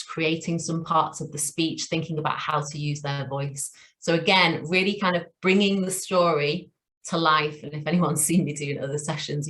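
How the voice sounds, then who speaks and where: A woman's voice: low voice, fairly bright tone. A woman co-hosting a teacher training webinar, chatty and enthusiastic, laughing often. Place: online webinar.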